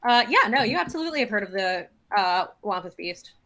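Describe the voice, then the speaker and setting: A woman running a tabletop game, relaxed and upbeat, narrating with fillers. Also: mid-range voice, brisk, soft background music. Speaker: game master.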